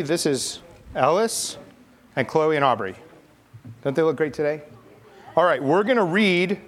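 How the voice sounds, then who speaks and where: A man telling a Bible story to children in a playful, chatty way, directing kid volunteers. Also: a little high. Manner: playful, chatty, coaxing kids. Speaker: pastor leading a children's message.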